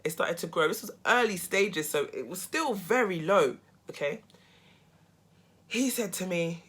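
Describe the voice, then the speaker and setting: Bright-voiced woman, emphatic vlog talk. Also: medium pitch, animated, brisk. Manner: emphatic, repeats "okay?" and "right?"; bursts into loud laughing asides. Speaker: self-help vlogger. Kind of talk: casual monologue to camera.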